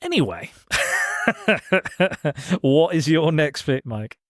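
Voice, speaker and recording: Podcast host, earnest and chatty, keeps saying again, dry close mic. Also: male voice, on the high side, very animated, takes it slowly, dry recording. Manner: earnest, repeats "again" often. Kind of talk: casual podcast chat.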